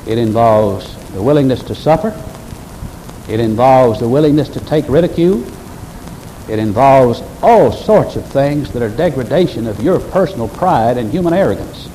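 A man's voice: medium pitch, lively intonation, normal speed, dark tone, slight background noise, poor audio. A male pastor preaching a sermon earnestly and emphatically, speaking straight to his congregation.

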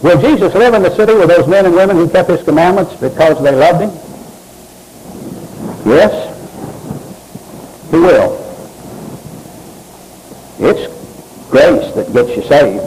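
High, lively-voiced preacher man. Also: measured pace, pauses often, slight background noise, rough recording. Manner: preaching with swooping emphasis, addresses congregants by name. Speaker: pastor. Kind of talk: sermon. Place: church.

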